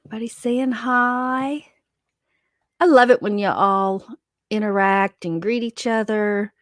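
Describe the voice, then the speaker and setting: A woman's voice: a little high, steady tone, measured pace, no room sound, studio quality. Chatty woman hosting a home livestream. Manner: chatty, reads viewer comments aloud. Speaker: livestream co-host. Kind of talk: casual livestream chat. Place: her home.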